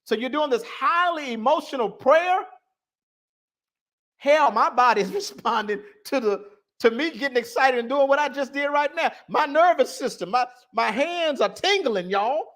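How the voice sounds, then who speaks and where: A man hosting a casual livestream, talking to his chat in an animated, repetitive way. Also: extremely high pitch, normal speed. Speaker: livestream host.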